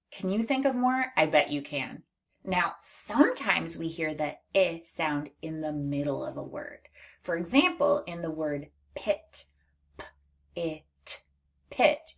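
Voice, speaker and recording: A woman teaching a phonics lesson to young children, speaking in a measured, unhurried way. Her voice sits a little low, and she enunciates each sound clearly so the children can repeat it after her. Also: a bit bright.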